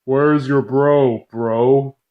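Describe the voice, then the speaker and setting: A man's voice: medium pitch, steady tone, drawn-out words, phone-quality sound. A man voicing God as a laid-back buddy who talks in casual slang.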